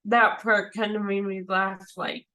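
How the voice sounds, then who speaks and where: A woman moderating a Q&A over a video call, reading out audience questions in a measured, friendly way. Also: medium pitch, flat delivery, pushed and bright, poor audio.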